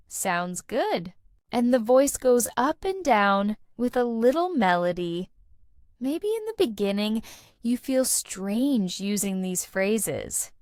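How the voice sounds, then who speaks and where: A woman giving a scripted English lesson, speaking in a slow, deliberate teaching manner. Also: mid-range voice, no echo, clean studio sound. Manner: slow, deliberate teaching delivery with lively intonation.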